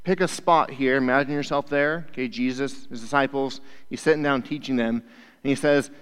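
A man's voice: mid-range voice, steady tone, normal speed, fairly bright tone, clear, resonant tone. Youth pastor, male, mid-range voice, casual preacher who keeps asking "right?", in a big echoing hall. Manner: conversational, keeps checking in with "right?". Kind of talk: casual sermon. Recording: long hall reverb.

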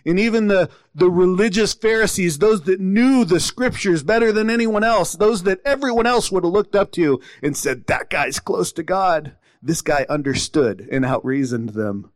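A man's voice: high voice, normal speed, few pauses, no room sound. A man preaching a sermon, retelling scripture stories and acting out the quotes with rising intensity.

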